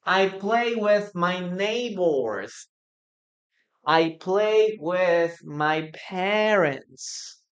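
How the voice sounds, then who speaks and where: A man speaks extremely slowly in a high-sitting voice with lively intonation. He's a native Spanish speaker with a Peruvian accent, teaching English in a live online lesson where he repeats phrases for practice and answers viewers' comments.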